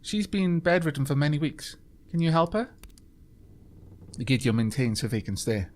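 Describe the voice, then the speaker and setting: Chatty man with lively pitch. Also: normal speed, long pauses. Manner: chatty, many ums and uhs, reads game text aloud. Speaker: let's play host. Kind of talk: casual gameplay commentary reading dialogue aloud.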